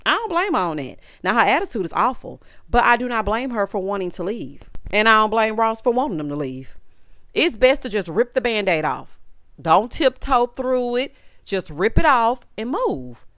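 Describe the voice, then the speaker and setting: Sassy lady in her 30s dishing a reality show recap, lively swooping voice, smooth and dry close to the mic. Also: fairly high pitch, normal speed, dry recording. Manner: sassy, animated, calls viewers honey and child. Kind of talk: casual recap commentary.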